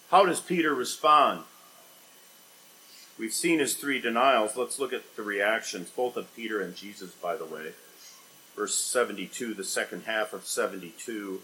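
A man preaching an expository sermon, rising to loud emphatic bursts and dropping to quiet, low scripture reading. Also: a little hiss or hum, low-quality recording.

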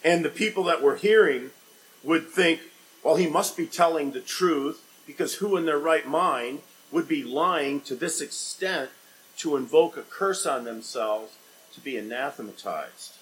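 A man preaching an expository sermon, rising to loud emphatic bursts and dropping to quiet, low scripture reading. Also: unhurried, a little hiss or hum, rough recording.

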